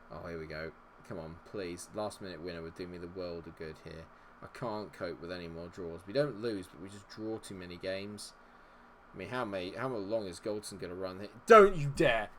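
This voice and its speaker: A man's voice: low-pitched, a little hiss or hum. Sweary man streaming a football game. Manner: swings from chatty to sweary frustration, yelling at players. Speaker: gaming streamer. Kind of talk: live gameplay commentary.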